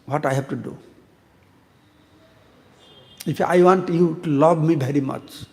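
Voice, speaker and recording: A man with a fairly high voice teaches a scripture class as a monk. He tells homely stories, asks his listeners questions and breaks into chanted verses. The sound carries a long reverb from a temple hall. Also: fairly quick, darkish tone.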